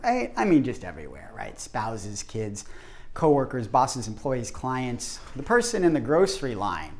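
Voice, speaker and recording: A man's voice: medium pitch, wildly swooping pitch, unhurried. A man presenting an interactive workshop to a group, talking animatedly and acting out the voices he quotes.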